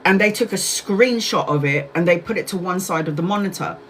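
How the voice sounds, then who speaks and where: A woman's voice: lowish voice, a little fast, a little hiss or hum. Chatty, laughing woman telling a livestream story. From Brazil. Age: 40s. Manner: chatty, laughs often, swears freely, acts out quotes. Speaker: tarot reader livestream host.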